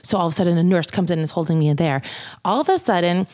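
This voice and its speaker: A woman's voice: on the low side, expressive, very fast, darkish tone, no room sound, clean studio sound. A young mother casually telling her birth story, candid and chatty, swearing now and then and acting out what others said.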